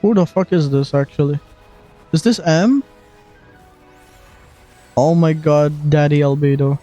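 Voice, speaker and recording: A streamer doing casual live gaming commentary, reacting loudly and swearing while playing. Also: medium pitch, measured pace, muffled recording, soft background music.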